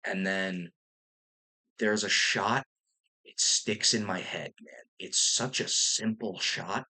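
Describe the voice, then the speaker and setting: A man's voice: fairly low pitch, fairly even intonation, slow, pushed and bright. A young man talking casually and enthusiastically about a film, rambling with fillers and restarts and casual swearing. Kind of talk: casual movie review vlog.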